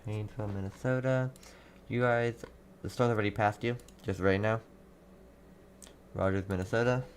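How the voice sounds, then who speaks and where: A young man hosting a live storm-coverage stream, casually reading out viewers' towns and warnings, halting now and then. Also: fairly low pitch, fairly even intonation, a little hiss or hum. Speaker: livestream weather host.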